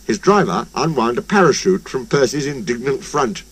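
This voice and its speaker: A man narrating a children's story in a slow, highly animated storytelling manner. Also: slightly rough.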